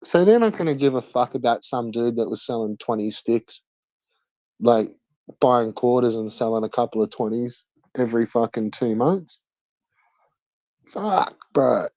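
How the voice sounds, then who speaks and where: A man's voice: medium pitch, animated, unhurried, a little mellow, dry recording, dull audio. A man hosting a livestream, chatting casually and crudely, swearing constantly in slangy banter. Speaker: livestream host.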